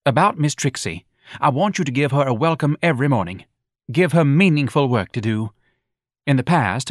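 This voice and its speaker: A man's voice: mid-range voice, no room sound, clean studio sound, voice pushed up, natural voice. A man voicing a wealthy middle-aged wife who lectures insistently and needles her husband. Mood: lecturing.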